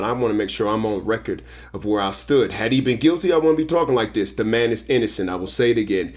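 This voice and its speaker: A man being interviewed as a guest, speaking emphatically and informally with a preacher-like, slangy cadence. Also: mid-range voice. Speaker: guest commentator. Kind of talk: opinionated interview talk.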